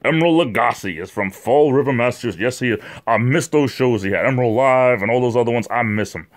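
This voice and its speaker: A fast-talking man with a middle-pitched voice hosts a loose livestream chat. He rambles from topic to topic, pausing to answer viewers by name, and his speech is packed with fillers and repeated words.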